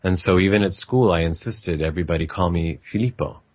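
Middle-aged man, low voice, reflective personal storytelling, dry and slightly muffled recording. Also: a little fast, no room sound. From grew up in an Italian family. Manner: conversational, with restarts and quoted family voices.

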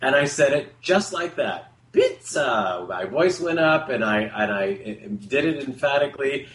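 A man's voice: medium pitch, animated, normal speed, a bit bright. A man hosting a radio talk show, telling a personal story in a casual, rambling way with restarts and self-corrections. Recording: roomy echo, faint background hum.

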